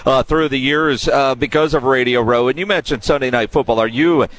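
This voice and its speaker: A man's voice: mid-range voice, fairly quick, fairly bright tone, slight background noise. A man hosting a sports radio interview, asking friendly, teasing questions. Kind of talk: casual interview chat.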